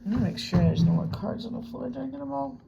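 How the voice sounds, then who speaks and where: A woman's voice: high-pitched, lively intonation, fast talker, creaky, lo-fi sound, very noisy. A woman doing a casual tarot reading at home, chatting to herself and dipping into whispers. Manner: chatty, self-talking, drifts into hushed whispers. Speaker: tarot reader. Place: home room with a piano desk.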